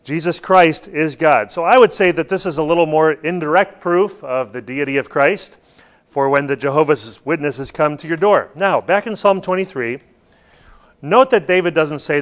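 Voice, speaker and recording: A man's voice: a little high, animated, normal speed. A man preaching a sermon, stressing points and putting questions to his listeners. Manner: rhetorical questions to the congregation, emphatic.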